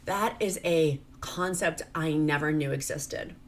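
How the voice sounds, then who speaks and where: A woman's voice: low voice, measured pace. A middle-aged woman from rural Virginia, crying as she talks in a rambling, confessional vlog. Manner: tearful, confessional, rambling with many "like"s. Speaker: vlogger. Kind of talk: emotional personal vlog.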